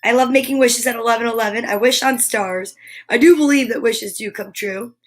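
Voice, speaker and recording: A woman with a fairly high voice chats casually to her viewers. She gushes with affection and takes her time. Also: low-quality recording. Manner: gushing and affectionate, unhurried. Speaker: comedian and vlog host.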